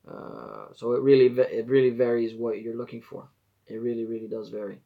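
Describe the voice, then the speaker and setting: A man's voice: mid-range voice, level tone, fairly quick, highs cut off. A man, chatting casually on a live stream and giving rambling advice as he corrects himself. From Israel. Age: 40s.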